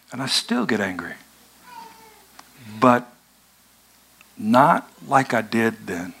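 A male pastor preaching a sermon, retelling a story in a conversational, animated way. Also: mid-range voice, gravelly.

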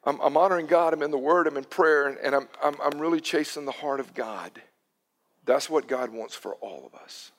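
A man delivers a sermon in a relaxed, storytelling way. His voice swings from bright and emphatic to quiet and soft as he speaks. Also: fairly high pitch, moderate pace. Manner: conversational storytelling, moves from loud and animated to hushed and soft. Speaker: pastor.

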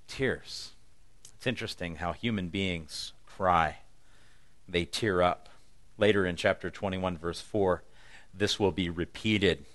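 A man's voice: sits low, fairly bright tone. A man pastor preaching a conversational, humorous sermon with emphatic stresses.

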